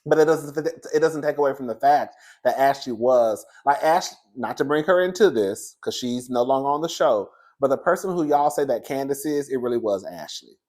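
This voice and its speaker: A man giving casual, sassy commentary on a reality TV episode, chatty and quick to laugh. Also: medium pitch, lively intonation, a little mellow. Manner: sassy, chatty, laughs often, calls viewers "girl" and "baby". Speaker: reality TV reviewer.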